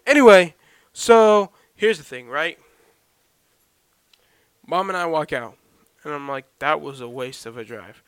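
A man's voice: fairly high pitch, measured pace, pauses often, clean tone, dry recording. Rambling young man telling a story. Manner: rambling, animated, talks to his dog mid-story. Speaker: podcast host. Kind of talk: casual solo storytelling. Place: home.

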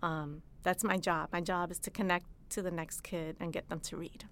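A middle-aged woman author talking about her novel and reading from it in a plain, unhurried way. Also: lowish voice, steady tone, fairly bright tone.

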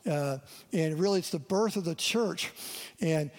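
A man's voice: a little high, unhurried. A man, a lead pastor, delivering a conversational sermon and asking his listeners questions. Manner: conversational, asks the audience questions. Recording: long reverb of a church hall.

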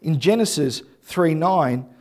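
Animated man preaching a sermon. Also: on the high side, takes it slowly. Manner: animated storytelling, chatty asides and tag questions. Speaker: pastor.

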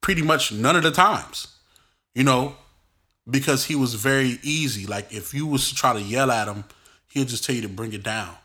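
Guy doing a solo podcast, animated storyteller, slangy, punchy bright voice. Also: mid-range voice, moderate pace. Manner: colloquial street slang. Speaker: podcast host.

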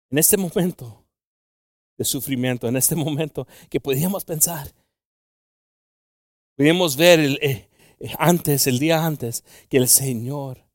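A male preacher delivering a bilingual sermon, moving from quiet, halting, intimate talk to loud, slow, drawn-out scripture reading. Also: mid-range voice, no room sound, studio quality. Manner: halting, with frequent fillers and restarts.

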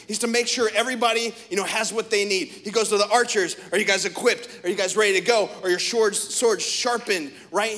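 A man pastor preaching a sermon in a church, animated, swinging from shouts to hushed tones. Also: high voice, long reverb tail. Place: church hall.

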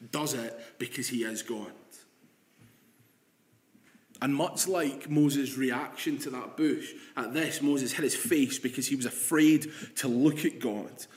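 A man preaching a sermon, dropping to hushed, slow quotes and rising into emphatic passages. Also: medium pitch. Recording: echoey room.

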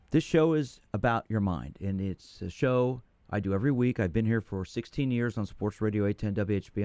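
A man's voice: on the low side, mellow, dry recording. A man in his sixties, a sports psychologist hosting a call-in radio show, talking in a direct, conversational way. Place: radio studio.

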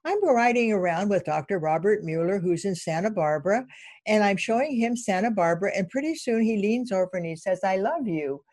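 Woman host, lively storyteller, close dry recording. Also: mid-range voice, brisk, no echo. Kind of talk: conversational storytelling.

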